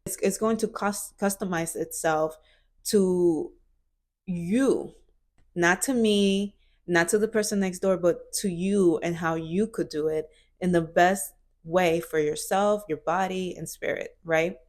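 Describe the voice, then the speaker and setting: A woman's voice: lowish voice, fairly even intonation, takes it slowly. A woman in her twenties talking earnestly in a reflective personal vlog, searching for words with fillers and restarts. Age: 20s. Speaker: vlogger.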